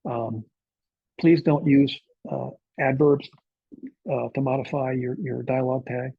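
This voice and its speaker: Husky-voiced man giving a casual writing talk. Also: mid-range voice, fairly even intonation, a little slow, dry recording, lo-fi sound. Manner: conversational, frequent filler uhs, checks in with "okay?". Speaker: novelist giving a talk to a writers' group. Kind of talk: informal workshop lecture.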